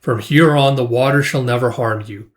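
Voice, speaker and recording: Solemn ancient sea god granting wishes, measured and unhurried, a man reading it aloud. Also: medium pitch, close to an everyday voice. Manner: calm, measured pronouncements.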